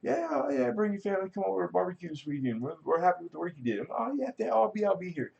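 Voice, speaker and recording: A cheerful neighborly guy, as a man puts him on, pitched up high and bright. He talks fast and eagerly. He sounds overly friendly. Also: sing-song, gravelly, breathy edge, dull audio, heavily acted.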